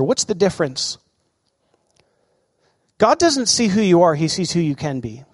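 A man with a high voice preaches a lively sermon, asking the congregation questions. His voice rings out with a long reverb in a large hall. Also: unhurried. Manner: animated preaching, asks the crowd questions. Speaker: pastor.

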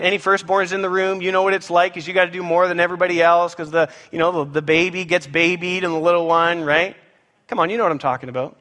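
A man preaching a sermon, with animated, playful asides to the congregation. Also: sits high. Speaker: pastor. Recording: echoey hall with long reverb.

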